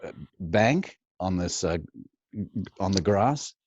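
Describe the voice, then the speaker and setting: A man's voice: low-pitched, lively intonation, slow pace, a little mellow, no echo, dull audio. A man from Australia, a guest impressionist telling stories in a chatty way, laughing often and repeating words as he starts. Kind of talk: casual interview storytelling.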